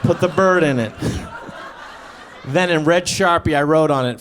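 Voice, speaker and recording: A man in his thirties doing stand-up storytelling on stage, acting out dialogue and shouting his punchlines. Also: fairly high pitch, unhurried, a little hiss or hum. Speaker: stand-up comedian. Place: stage before a live audience.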